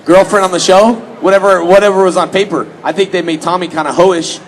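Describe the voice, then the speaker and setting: His voice is high and his pace brisk, though the audio is poor with slight hiss or hum. He's a Houston, Texas man of about his late thirties, sitting on a convention panel and casually joking through stories for fans, putting on mock voices when quoting.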